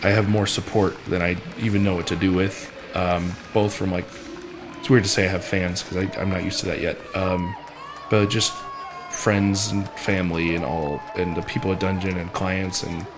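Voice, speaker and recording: A young adult man, a strongman athlete, recapping a competition in an emotional vlog, speaking haltingly with many fillers and restarts, choked up and near tears. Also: deep voice, flat delivery, over music, crowd noise.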